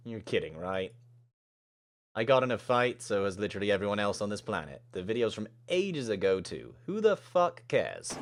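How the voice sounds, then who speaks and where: A man's voice: lowish voice, sing-song, normal speed. A man voicing a frustrated young male student, sarcastic, swearing and defensive. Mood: scoffing.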